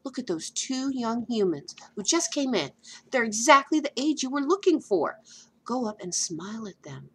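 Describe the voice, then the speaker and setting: A woman voicing a young male flea, eager and boastful, in a storybook reading with lively pitch. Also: breathy edge, exaggerated voice. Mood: urgent. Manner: eager, quick show-off patter.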